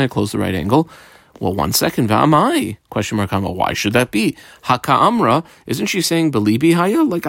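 A man's voice: medium pitch, vocal fry, no echo, clean studio sound. A man giving a Talmud lesson who reads the Aramaic text aloud and translates it phrase by phrase, adding explanations with frequent fillers. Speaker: Talmud teacher.

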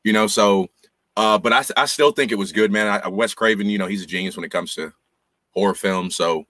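Man, low voice, bright tone, hesitant, repeats words, dry sound. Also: a little fast, dry recording. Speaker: podcast guest. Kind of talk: casual movie review chat.

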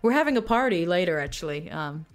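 A woman's voice: on the low side, animated, fast, faint music behind, close to an everyday voice. A woman voicing a glamorous, flirtatious alien woman bartender who calls people darling in a sweet, teasing way. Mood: gossipy.

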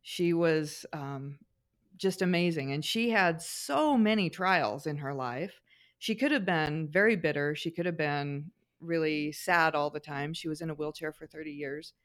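A middle-aged woman with a somewhat low voice co-hosts a casual podcast. She tells family stories at length, with plenty of fillers and restarts along the way. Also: unhurried. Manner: warm storyteller, frequent fillers and restarts. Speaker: podcast co-host.

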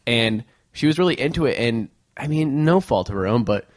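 A man's voice: mid-range voice, lively intonation, fairly quick, no echo. A young man crude joking podcast host. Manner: loud, joking, reads listener submissions aloud. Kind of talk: crude casual banter.

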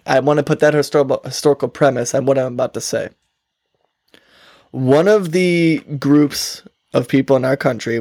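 Gravelly-voiced man in loose podcast banter. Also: mid-range voice, a little mellow, no echo, studio quality. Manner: rambling, profane, laughs often. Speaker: podcast co-host.

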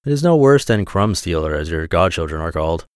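A man's voice: low-pitched, sing-song, fairly quick, clean tone, no echo, studio quality. A man voicing a sly, greedy female cat in a fairy tale, talking in a coaxing, cool way. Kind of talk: storybook reading.

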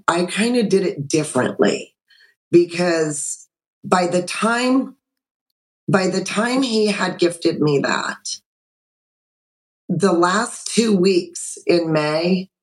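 A woman in her sixties, a podcast guest on a video call, telling a personal story in an animated way and acting out the dialogue. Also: on the low side, rough recording.

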